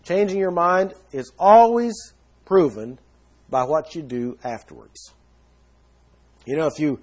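A man's voice: a little high, a little slow, pauses often, a little mellow. A man preaching a sermon in an earnest teaching tone, leaning hard on key words. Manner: earnest teaching tone, emphatic stresses.

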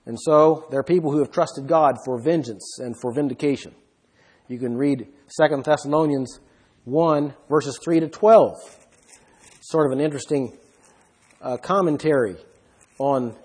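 A man's voice: medium pitch, unhurried, pauses often, darkish tone, breathy edge. A man preaching a sermon, reading scripture aloud and then explaining it.

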